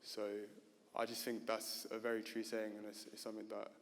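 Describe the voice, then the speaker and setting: A man talks at a gallery panel, feeling his way through each thought with frequent fillers and self-corrections. His pitch stays fairly flat and even. The sound carries a long reverb from a large hall. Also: a little fast. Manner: hesitant, many fillers and restarts. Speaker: panel speaker. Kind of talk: unscripted panel talk. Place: gallery event stage.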